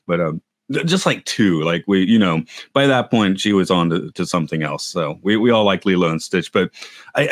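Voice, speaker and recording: Low-voiced man rambling in casual chat. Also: dry recording, clean studio sound. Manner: rambling, halting, many restarts and laughs. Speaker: podcast co-host. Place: lives in Japan.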